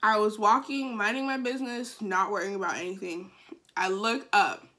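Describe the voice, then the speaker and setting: A woman in her twenties tells a story to her camera in a bright, forceful voice. She is frank and profane and acts out both sides of the argument. Now and then she breaks into exaggerated wailing. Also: medium pitch, moderate pace. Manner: dramatic, animated retelling with sudden wailing outbursts. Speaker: vlogger. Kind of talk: casual storytime.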